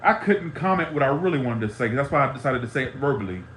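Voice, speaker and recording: An animated man talks fast at medium pitch, his tone a bit bright against slight background noise. He's heatedly cursing and repeating himself in an angry monologue for a live stream crowd, captured in an echoey room with faint ambience.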